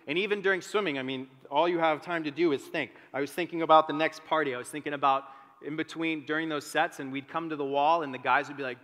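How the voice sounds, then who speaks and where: Bright-voiced young man preaching in a hall. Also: a little high, fast. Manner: storytelling, animated, self-deprecating asides. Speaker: teaching pastor. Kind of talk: testimony sermon. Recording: long reverb of a large hall.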